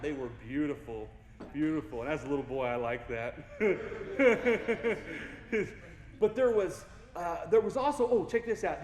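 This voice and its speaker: A young man giving a playful keynote to a large audience, joking and getting the crowd to join in. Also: a little high. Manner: goofy, playful, engages the crowd. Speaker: keynote speaker. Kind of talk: motivational keynote speech. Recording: echoey hall from far off.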